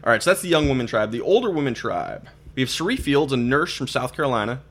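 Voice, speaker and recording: A man's voice: mid-range voice, expressive, fast talker, a bit bright. A young man, hosting a casual podcast and rambling with lots of fillers. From Minnesota. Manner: chatty, rambling, many fillers and restarts. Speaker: podcast host.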